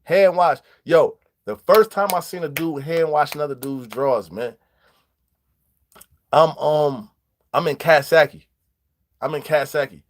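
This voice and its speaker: A man tells stories in an easygoing vlog. He talks animatedly in street slang, mixing in shout-outs to viewers and acted-out dialogue. His voice sits a touch high. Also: measured pace, pauses often. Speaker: vlogger. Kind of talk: casual storytelling vlog.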